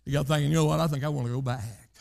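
A man preaching a sermon fervently, breaking in with repeated interjections and swinging between shouted and hushed lines. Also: a little high, steady tone, racing, vocal fry.

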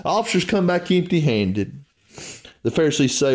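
A man's voice: animated, measured pace, pauses often. A man preaching a sermon with a rural Southern US accent, fervent and folksy, swinging his voice up and down. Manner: fervent, swings high and low in pitch, folksy repeated "friend".

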